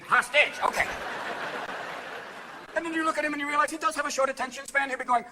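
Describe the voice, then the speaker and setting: A man performing a live stand-up set, firing off manic impressions and sudden shouts. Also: very high-pitched, fairly even intonation, quick pace, pauses often. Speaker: stand-up comedian. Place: theater stage before a crowd. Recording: live audience laughter and noise.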